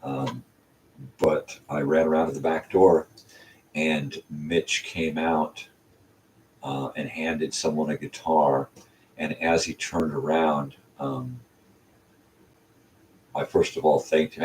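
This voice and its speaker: A man's voice: rumbling low, fairly even intonation, a little slow, a little mellow. An older man hosting his own channel, telling a casual, rambling story full of ums and restarts. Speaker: channel host. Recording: distant mic with faint hiss.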